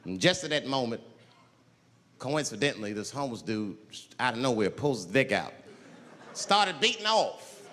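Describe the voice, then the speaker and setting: A man doing a stand-up comedy routine, telling a profane story and acting out the people in it with yelled voices. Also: medium pitch, big pitch swings, moderate pace, slight background noise. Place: large theater stage. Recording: live show in a large hall with crowd. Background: audience laughter.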